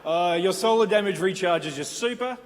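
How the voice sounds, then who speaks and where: An Australian man with a fairly high voice plays it deadpan as he explains joke items on a live panel. The hall adds a long reverb, with a faint hiss underneath. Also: moderate pace. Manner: deadpan explainer of joke perks, laughs along. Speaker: convention panel co-host. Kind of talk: comedic live panel banter. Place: convention hall stage.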